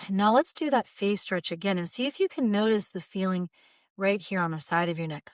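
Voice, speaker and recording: Calm woman voice teacher, dry sound. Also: mid-range voice, a little fast, no echo. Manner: calm, guiding, gentle. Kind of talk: instructional video talk.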